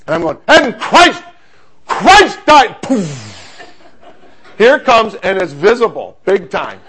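Man, middle-aged, preacher, high voice, animated storytelling sermon.

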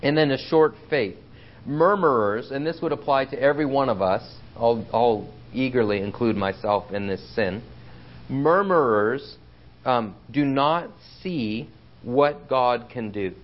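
A man's voice: mid-range voice, a little slow. Earnest male Bible teacher, lo-fi recording. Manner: earnest, asks the room for agreement with frequent "right?". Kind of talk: expository sermon.

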